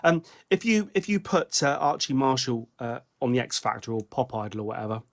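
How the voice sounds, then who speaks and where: Speaking fairly quickly in a medium-pitched voice, a man co-hosts a relaxed music podcast. He rambles while reviewing music, often breaking off to restart or correct himself.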